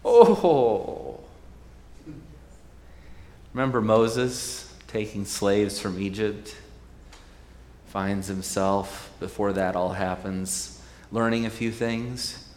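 A man's voice: on the low side, extremely slow, pauses often, a little mellow, roomy sound, long reverb tail, a little hiss or hum. A man preaching a sermon in a conversational, wry way, retelling scripture stories. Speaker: pastor.

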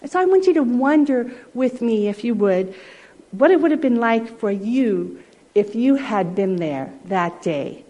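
A woman preacher giving a sermon as a story, gentle and often dropping to a soft hush. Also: on the high side, animated, unhurried, rough recording.

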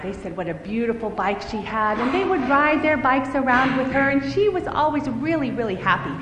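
Woman storyteller, children's story, expressive, a bit high, long reverb, faint ambience. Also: dull audio, a little hiss or hum. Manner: lively and expressive. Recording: echoey hall with faint ambience.

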